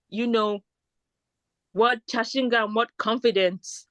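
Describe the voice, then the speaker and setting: A woman from Nigeria, co-hosting a podcast and telling stories in an animated, casual way. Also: medium pitch, fairly quick, dry recording. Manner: animated storytelling. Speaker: podcast co-host. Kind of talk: casual chat.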